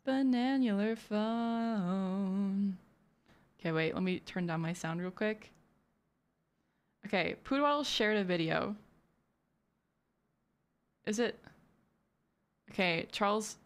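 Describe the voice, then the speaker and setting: A woman's voice: fairly low pitch, a bit bright. A young woman streamer chatting casually with her viewers, giggly and full of "like" fillers. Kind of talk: casual live-stream chat.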